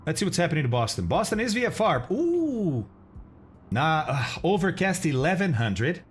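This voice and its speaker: A man with a slightly husky, breathy voice talks loosely to viewers on a live stream, his pitch bouncing up and down as he chats. He thanks people by name, groans, and exclaims freely between casual remarks. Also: big pitch swings, brisk. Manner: chatty, thanks viewers and reacts aloud to chat; groaning and exclaiming over bad-tasting candy. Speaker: flight simulator streamer.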